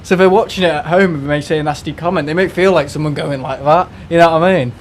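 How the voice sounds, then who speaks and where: A British man chats casually on a live stream, his voice fairly high and his pace quick, with slight background noise. He rambles in exasperation, restarting words and swearing freely in a casual rant.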